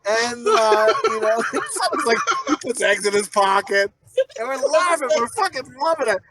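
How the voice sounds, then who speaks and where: High, lively, profane podcast guy. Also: moderate pace, very noisy. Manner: crude, profane joking and teasing; rambling storyteller. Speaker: podcast co-host. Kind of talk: casual chat.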